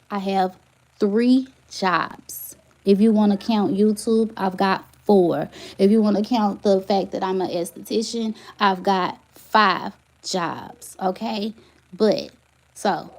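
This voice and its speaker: Young woman vlogging, gravelly voice, rambles and repeats herself. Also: mid-range voice, low-quality recording. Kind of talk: casual chat to camera.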